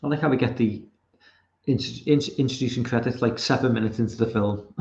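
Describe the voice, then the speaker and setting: Gravelly Liverpool-accented man, roomy lo-fi sound. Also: medium pitch, brisk, darkish tone. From Liverpool, England. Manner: rambling, frequent swearing. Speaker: live stream host. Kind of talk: casual live film commentary.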